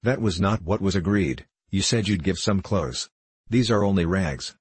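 A patient older showman, gentle and unhurried, as a man narrating voices him. His deep voice has a husky grain. The sound is dry and close, like a storybook reading. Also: no room sound. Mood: firm.

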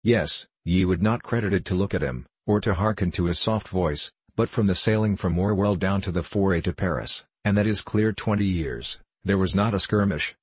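A man reading as a boastful, husky-voiced archer. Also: low-pitched, no room sound. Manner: hearty, boastful, free-spoken. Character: boastful swaggering male English archer soldier.

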